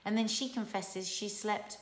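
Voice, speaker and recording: A woman's voice: medium pitch, fairly even intonation, measured pace. A middle-aged woman co-hosting a casual TV review chat at home, enthusiastic and emphatic. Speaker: co-host reviewing a TV drama. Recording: echoey room.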